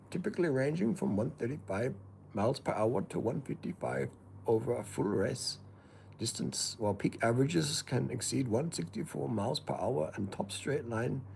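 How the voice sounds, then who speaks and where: A man doing a halting mock-accented reading. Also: mid-range voice, vocal fry, a little mellow, slight background noise.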